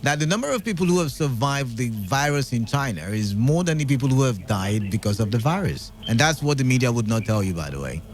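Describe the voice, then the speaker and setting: A man's voice: mid-range voice, sing-song, brisk, few pauses, a little hiss or hum. A man with a Nigerian accent hosting a call-in radio talk show, thinking aloud with laughs and frequent fillers. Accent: Nigerian English.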